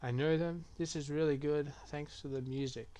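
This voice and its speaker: This man's voice sits on the high side, with fairly even intonation, a dark tone, and a moderate pace. As a gaming streamer, he plays through a game while muttering reactions and reading chat aloud. Keyboard typing and clicks come through clearly.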